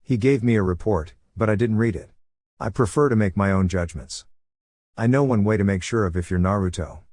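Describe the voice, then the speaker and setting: Guy reading as a bragging pervy old sage, low voice. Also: brisk, a little mellow, no room sound, lightly acted. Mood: boastful. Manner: boastful, offhand. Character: lecherous older male sage, boastful.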